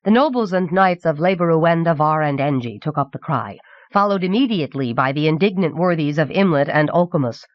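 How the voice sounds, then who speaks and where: A woman reading a novel aloud as audiobook narrator in a measured, clear voice from an old cassette recording. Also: deep voice, lively intonation, dry recording. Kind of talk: scripted narration. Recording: dull 1990s cassette audiobook.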